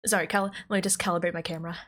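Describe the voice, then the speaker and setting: A woman's voice: lowish voice, fairly even intonation, racing. A woman, streaming live and chatting casually with her viewers, bubbly and giggly. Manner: bubbly, giggly, greets chat warmly.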